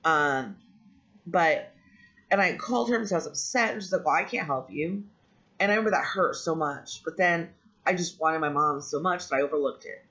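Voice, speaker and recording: A woman's voice: low voice, brisk, a bit bright. A woman vlogger telling a personal story in a candid, rambling way, with frequent ums and restarts. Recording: dull lo-fi audio.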